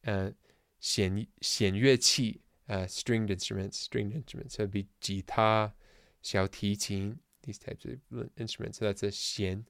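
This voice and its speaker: A man's voice: on the low side, vocal fry, smooth, no echo, clean studio sound. A man teaching a casual vocabulary lesson to camp members, chatty and self-deprecating with small jokes.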